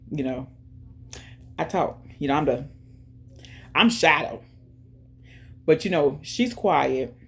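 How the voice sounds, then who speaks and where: A woman hosting her own channel, chatting casually and directly to viewers, giving shout-outs and talking about faith. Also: deep voice, vocal fry, breathy edge. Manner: chatty, talks straight to viewers with lots of "y'all". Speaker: YouTube channel host. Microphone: earphones in, music playing in her ear.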